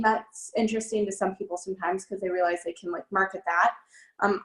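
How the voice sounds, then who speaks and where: The young woman's mid-range voice runs a little fast during her casual, cheerful sales training as a network marketing trainer, and fillers crop up often. A phone captured it in an echoey room.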